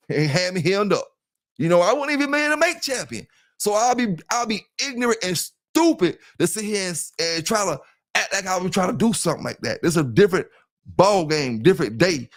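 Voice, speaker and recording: A talkative middle-aged man with a Southern US accent and a fairly high voice. He hosts a casual livestream in a loose, rambling way and keeps checking in with his listeners. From South Carolina. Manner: loose and talkative, keeps saying "you know what I'm saying", greets chat members. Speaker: livestream host.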